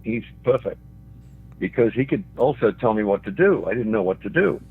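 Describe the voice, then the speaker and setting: A man's voice: lowish voice, lively intonation, moderate pace, slightly rough. Older man telling stories down a phone line. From Australia. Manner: chuckles through his own stories. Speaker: guest. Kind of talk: anecdotal storytelling.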